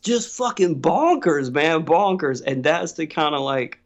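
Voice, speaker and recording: A man's voice: a little high, big pitch swings, a little slow. A man telling a story in casual chat, swearing freely and laughing often. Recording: dull lo-fi sound.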